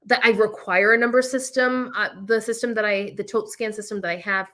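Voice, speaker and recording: A woman's voice: medium pitch, steady tone, a little fast, sharp tone. A woman hosting a casual reseller livestream, chatting and laughing often with frequent ums as she reads viewer comments. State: coughing, eyes watering. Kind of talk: casual live chat reading viewer comments.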